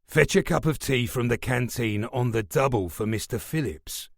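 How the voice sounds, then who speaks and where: A man voicing a stern, menacing police superintendent who talks in a measured, remorseless way. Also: medium pitch, creaky, no room sound, studio quality. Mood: cold.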